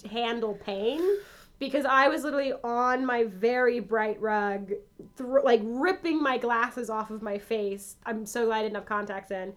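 A woman's voice: a little high, measured pace, fairly bright tone. A young woman co-hosting a podcast, telling a self-mocking story in casual chat. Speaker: podcast co-host.

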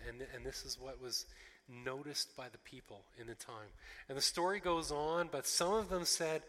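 Bright-voiced male preacher in a reverberant hall. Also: on the high side, normal speed. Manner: expressive, acting out quoted voices, frequent restarts. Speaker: pastor. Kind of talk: sermon. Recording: long reverb of a large hall.

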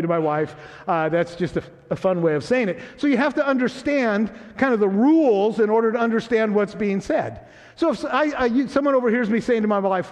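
A man's voice: high-pitched, fairly quick, highs cut off. A man preaching a sermon as pastor, conversational and teasing, often checking in with his congregation. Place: church sanctuary. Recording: long hall reverb.

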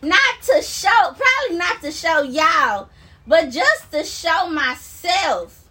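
In a very high, sing-song voice that sounds pushed and bright, a woman speaks slowly, recorded from a distance on her own phone. This self-styled minister paces as she gives viewers a fervent, emotional testimony, repeating herself and breaking into frequent exclamations and laughs.

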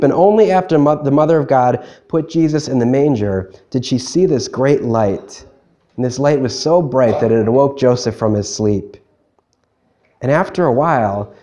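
A man delivers a Christmas Eve homily as a priest, his voice mellow and warm at a middling pitch. He preaches conversationally, putting questions to the congregation and sometimes restarting a phrase.

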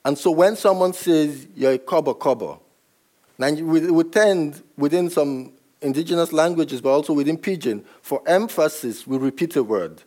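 A man's voice: fairly high pitch, moderate pace, hardly any pauses, a little mellow. A man from Nigeria, a novelist, answering audience questions at a book event and often laughing as he explains. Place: event room with a live audience.

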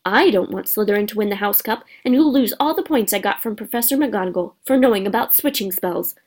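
Woman doing a shrill bossy schoolgirl. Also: sing-song, brisk, a little mellow. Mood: indignant lecturing. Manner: lecturing, shrill. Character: bossy know-it-all schoolgirl, indignant.

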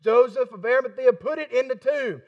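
A man preaching a sermon in a folksy, emphatic way, getting excited as he talks. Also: very high-pitched, fairly quick, far from the mic, lo-fi sound. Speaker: pastor.

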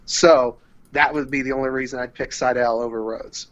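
Lively man on a lo-fi podcast. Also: mid-range voice, normal speed. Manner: animated, mock-exasperated, swears playfully. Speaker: podcast co-host. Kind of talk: casual chat.

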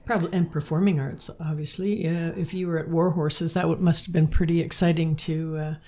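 A woman's voice: deep voice, steady tone, brisk, darkish tone. A woman co-hosting a radio talk show, prompting the guest with encouraging questions. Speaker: co-host.

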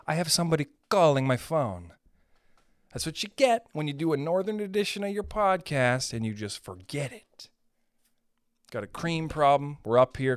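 A young man hosting a podcast, rambling profanely in a casual comedic monologue from home and breaking into high-pitched voices. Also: no echo, clean studio sound. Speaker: podcast host.

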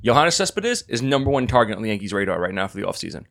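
A man hosting a casual podcast chat, loud and argumentative, swearing freely and pushing his points hard. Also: fairly low pitch, sing-song, rapid-fire, creaky. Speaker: podcast host.

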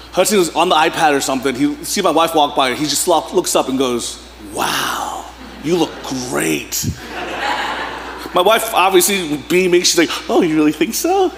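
A man's voice: high voice, fairly bright tone. A man in his thirties preaching a sermon as pastor, telling casual, joking stories and often breaking into laughter. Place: church sanctuary. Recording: echoey church hall with faint room noise.

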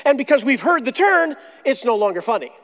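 A man preaching a sermon, telling stories with jokes and slow, dramatic pauses. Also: extremely high pitch, sing-song, fairly bright tone. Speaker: pastor. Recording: long hall reverb.

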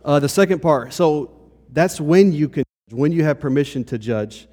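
A man's voice: on the high side, lively intonation, moderate pace, warm tone. Man preaching in an echoing hall. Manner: conversational, often checks in with "okay?". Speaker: pastor. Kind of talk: sermon. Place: church hall. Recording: long reverb of a hall.

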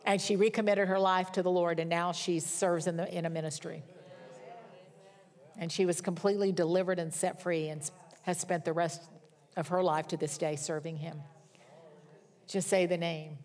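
Middle-aged female preacher, earnest and emphatic, lowish voice, sermon delivery. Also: fairly even intonation, normal speed, long pauses, a little mellow. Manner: earnest, storytelling with emphatic repetition.

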